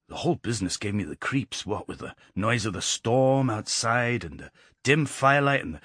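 A man reading a story aloud as an audiobook, expressive and voicing the characters in dialogue. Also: fairly low pitch, breathy edge, no room sound, clean studio sound. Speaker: audiobook narrator. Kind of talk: storytelling narration.

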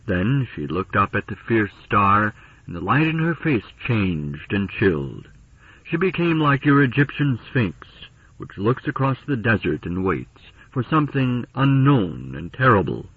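A man giving measured, solemn storybook narration, recorded as an old radio broadcast. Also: on the low side, sing-song, breathy edge, dry recording, recorded from a distance, phone-quality sound.

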